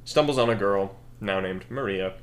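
A young man co-hosting a podcast, thinking a story out loud in casual chat with lots of fillers and self-corrections. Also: lowish voice, normal speed. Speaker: podcast co-host.

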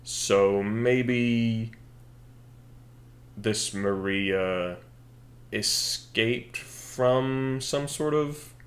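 A young man co-hosting a podcast, thinking a story out loud in casual chat with lots of fillers and self-corrections. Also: fairly low pitch. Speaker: podcast co-host.

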